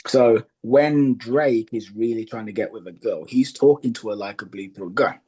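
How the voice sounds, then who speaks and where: Guy on a podcast, kinda husky and low, explaining dating stuff with examples. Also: dark tone. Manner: measured, explains by example with acted quotes. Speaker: podcast guest, dating coach. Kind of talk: casual podcast conversation.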